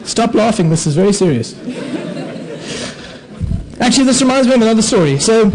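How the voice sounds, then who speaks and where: A man tells comic stories about himself to a live audience. His voice sits fairly high, and he delivers the talk with animated, self-deprecating asides and playful sound effects. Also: a little fast, low-quality recording. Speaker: conference speaker, anaesthetist. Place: conference hall with an audience.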